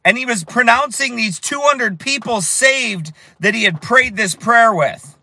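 A fiery man preaching in a high, bright voice that cuts through. He tells his story with strong emphasis and builds to shouts. His tone stays sharp and forceful. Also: animated, measured pace, gravelly, no room sound. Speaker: street preacher. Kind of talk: preaching while telling a story.

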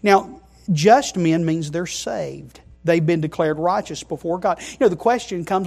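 A man's voice: a little high, a little slow, vocal fry, husky. Emphatic male preacher, constant "okay?" checks. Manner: swings between quiet asides and loud stressed phrases. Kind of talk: sermon.

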